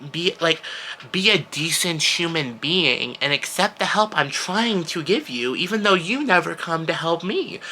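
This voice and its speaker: Teenage man, casual vlog, very bright tone, animated exasperated delivery, faint background hiss. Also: poor audio. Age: teens. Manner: animated, exasperated storytelling with big pitch jumps. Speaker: vlogger. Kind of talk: casual chat to camera.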